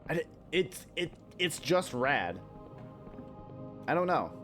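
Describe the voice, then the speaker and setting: Faint music plays behind this young man from the United States as he streams a game, speaking slowly in a slightly high, fairly bright, very lively voice. His gameplay chat is loose and profane, wandering off into rants of pretend outrage.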